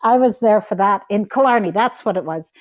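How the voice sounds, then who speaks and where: A woman's voice: medium pitch, fairly quick, no echo. A Canadian woman on a video call, telling stories animatedly with lots of fillers. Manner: animated storyteller, many fillers. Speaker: guest, intuitive. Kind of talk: casual chat on a video call. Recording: dull dry call audio.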